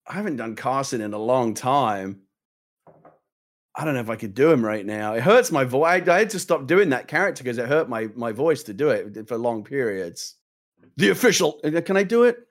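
A man's voice: medium pitch, sing-song, normal speed. A man co-hosting a podcast, meandering through his thoughts with self-deprecating asides. He keeps it loose and conversational. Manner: rambling, self-deprecating, chatty. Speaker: podcast co-host. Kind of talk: casual chat.

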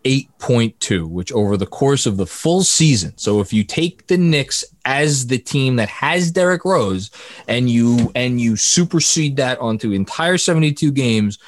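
A man's voice: mid-range voice, moderate pace, no room sound. Man, sports podcast co-host, casual chat, stat-heavy, laughs at his own numbers, dry close sound.

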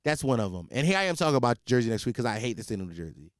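A man hosting a podcast, telling a comic story in a profane, rambling, animated way. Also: mid-range voice, very fast, no echo, studio quality. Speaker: podcast host. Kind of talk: comedic storytelling.

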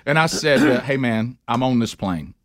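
A man, hosting a radio talk show, telling a story loudly and doing the voices of the people in it. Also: medium pitch, normal speed. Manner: loud and animated, acts out voices of people in his story.

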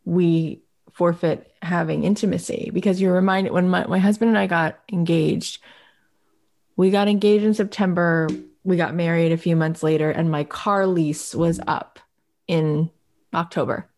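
A woman with a fairly low voice hosts a podcast conversation. She tells personal stories in an open, emotional way, her speech full of casual fillers. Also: fairly even intonation, moderate pace, darkish tone. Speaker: podcast host.

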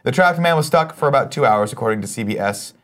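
A man's voice: medium pitch, expressive, fast talker, a bit bright. A man co-hosting a casual morning chat show, reading a news story aloud with profane asides. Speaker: co-host.

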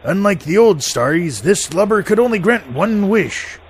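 A man's voice: sits high, lively intonation, normal speed, slight background noise. A man hosting a podcast in a comic pirate character, with a mock pirate accent, laughing at his own jokes.

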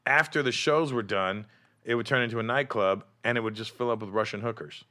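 A man's voice: medium pitch, fairly quick, bright, forceful tone. A male comedian telling road stories in a casual podcast chat, swearing and acting out the people in them. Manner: swearing storyteller, acts out voices.

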